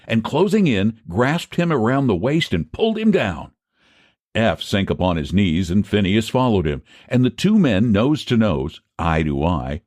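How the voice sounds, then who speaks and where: A man narrating a classic short story as an audiobook, in an expressive storytelling manner. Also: dry recording, studio quality. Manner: expressive storytelling, low even narration between character lines.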